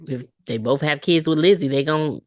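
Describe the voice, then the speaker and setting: A woman's voice: low-pitched, normal speed, darkish tone, no echo, studio quality. A woman co-hosting a podcast in casual chat, talking emphatically as she recaps a TV episode. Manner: emphatic, acts out characters' lines. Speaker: podcast co-host.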